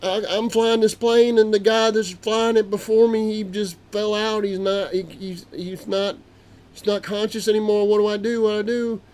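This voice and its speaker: A man voicing his older trucker grandfather, telling a wild story loudly and excitedly. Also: fairly high pitch, moderate pace, lightly acted. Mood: panicked. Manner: loud, excited retelling.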